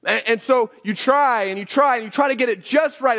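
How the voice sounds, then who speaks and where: A man's voice: very high-pitched, fairly quick, few pauses, a bit bright. A man preaching a sermon in a conversational way, often repeating and restarting his words. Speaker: pastor. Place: church sanctuary. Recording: church hall with long reverb.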